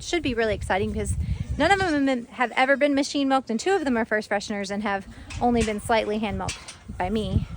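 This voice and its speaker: A woman's voice: mid-range voice, noisy background. A woman chatting casually as she vlogs from her farm, rambling with lots of fillers, without a clip-on mic. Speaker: homesteader vlogger. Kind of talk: casual vlog chat. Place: farm outdoors. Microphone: camera mic, no lapel.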